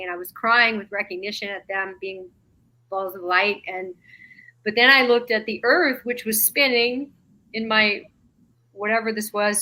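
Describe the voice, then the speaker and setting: A middle-aged woman, a podcast guest, recounting an experience in animated, emotional storytelling with quoted dialogue. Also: mid-range voice. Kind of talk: conversational storytelling.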